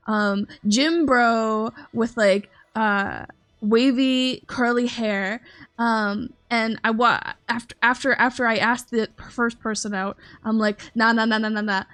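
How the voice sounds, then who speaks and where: A woman's voice: on the high side, a bit bright. A woman streamer telling a long story in casual chat, rambling with lots of "um"s and restarts and laughing often.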